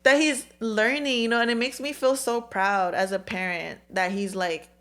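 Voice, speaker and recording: A woman's voice: a little high, moderate pace. Candid young woman chatting casually. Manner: candid, animated storytelling with frequent "like" and "dude". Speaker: podcast co-host. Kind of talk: casual chat.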